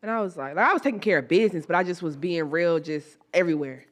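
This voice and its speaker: A woman, hosting a podcast and telling stories in a blunt, profane, animated way. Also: lowish voice, fast talker. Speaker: podcast host. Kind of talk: candid casual chat.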